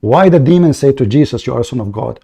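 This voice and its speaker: Brief: male debate host, mellow tone, taunting and cutting in constantly. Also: medium pitch, animated, quick pace, vocal fry, breathy edge. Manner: mocking, interrupting, repeats words. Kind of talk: heated live debate.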